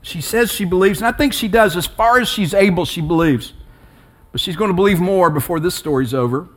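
A man in his sixties preaching a sermon, earnest and personal. His voice sits a little higher than most men's, and it lifts sharply with emphasis when he drives a verse home. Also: a little fast, fairly bright tone. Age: 60s. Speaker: pastor.

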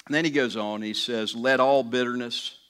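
A man's voice: medium pitch, steady tone, moderate pace, fairly bright tone, clear, resonant tone. A man pastor preaching a sermon in an earnest, conversational way, often restarting phrases and building to emphatic peaks.

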